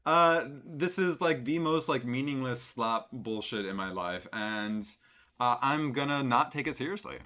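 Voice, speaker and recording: A man's voice: mid-range voice, measured pace, sharp tone. A man streaming live, reacting to a clip with sarcastic, rambling commentary full of fillers.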